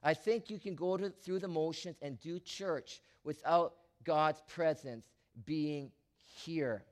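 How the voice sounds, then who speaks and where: A man preaching a sermon as a pastor, animated, swinging from quiet asides to loud emphatic lines with frequent restarts. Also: a little high, slow pace.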